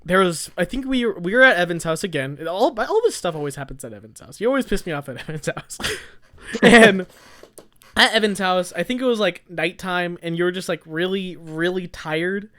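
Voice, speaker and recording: A man's voice: high voice, animated, fairly quick, bright, forceful tone. A young man co-hosting a podcast in casual chat, rambling through stories, laughing often and acting out his friends' lines. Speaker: podcast co-host.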